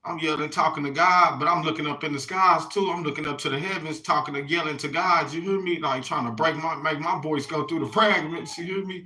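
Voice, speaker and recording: Bright-voiced man rambling to viewers. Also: a little high, brisk, hardly any pauses, rough recording. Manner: rambling, repeats "you hear me", swears freely. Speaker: vlogger. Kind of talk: casual rambling monologue to viewers.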